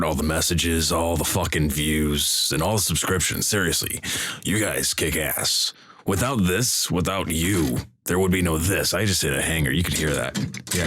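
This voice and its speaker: A man's voice: low voice, fairly bright tone, husky, no echo, studio quality. A man hosting his own channel, thanking his viewers in a loose, profane and joking way while recording in a closet. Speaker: channel host. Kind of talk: casual thank-you message.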